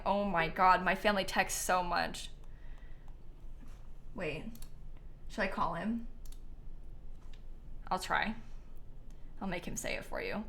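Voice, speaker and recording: A woman's voice: fairly low pitch, takes it slowly, creaky, long pauses, bright, forceful tone, slight background noise. A woman livestreaming a game, chatting casually with her viewers and laughing often. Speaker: game streamer.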